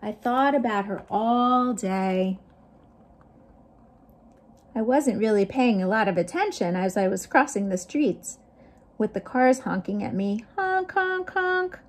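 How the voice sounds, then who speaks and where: A woman's voice: a little slow, long pauses. Woman reading storytime to children. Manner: playful, chats with young listeners; voices sound effects with big pitch jumps. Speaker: children's librarian. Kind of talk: children's storytime read-aloud.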